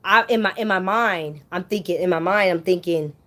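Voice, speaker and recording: A woman's voice: lowish voice, moderate pace, fairly bright tone. A woman vlogger casually telling a personal story straight to her viewers, chatty and often calling them "you guys".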